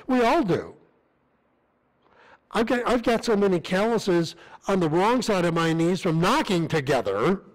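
On a low-quality recording, a visiting missionary preaches in a church sanctuary with a high-pitched voice. His sermon comes across as earnest and conversational, marked by frequent restarts.

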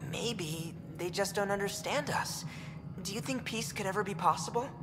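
A woman's voice: mid-range voice, normal speed, close to an everyday voice. A woman voicing an earnest, hopeful colonist. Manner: earnest, gentle. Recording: game audio with reverb and music.

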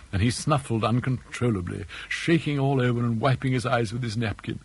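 A man reading an audiobook in scripted narration with a measured, precise delivery. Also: mid-range voice, breathy edge, poor audio. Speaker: audiobook reader.

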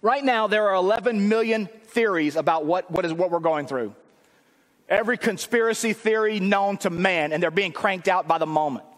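A pastor preaching a sermon in a conversational style that rises to emphatic shouts. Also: male voice, sits high, normal speed, in a large hall.

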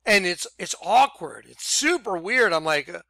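A man casually telling a personal story to his viewers, animated and full of "I'm like" retellings. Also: high voice, normal speed, vocal fry, no echo. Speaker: vlogger.

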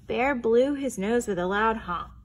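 A woman reading a picture book aloud to preschoolers, expressive and pausing to ask the children questions. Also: on the high side. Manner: expressive, asks the young listeners questions. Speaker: children's storytime reader.

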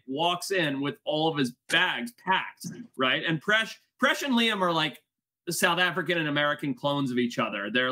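A man hosting a casual crew chat, telling a story in an animated way with laughter and acted-out quotes. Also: fairly high pitch, poor audio. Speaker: show host.

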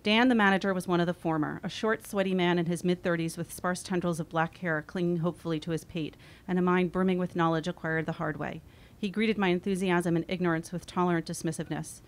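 A woman in her forties reading her own memoir aloud, wry and expressive. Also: fairly low pitch, fast. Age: 40s. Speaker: author.

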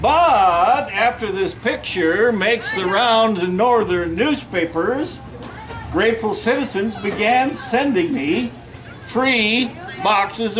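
A man's voice: sits high, poor audio. A man playing a folksy Civil War general. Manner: folksy storytelling, jokes with the audience. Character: Civil War Union general, middle-aged, plainspoken. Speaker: historical reenactor. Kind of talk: first-person living history talk. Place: outdoor history event in a park.

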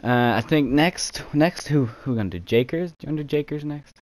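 A man's voice: a little high, a little fast. A man hosting a casual gaming video, laughing at himself and saying "you know" a lot. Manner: giggly, self-mocking, says "you know" often. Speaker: YouTube gaming host. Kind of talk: casual gaming chat with impressions.

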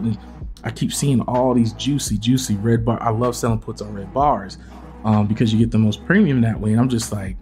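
A man's voice: mid-range voice, steady tone, fairly quick, darkish tone, soft background music. A man giving a casual, self-mocking recap of his day's trades, acting out his own inner dialogue. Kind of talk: casual screen-share trading recap.

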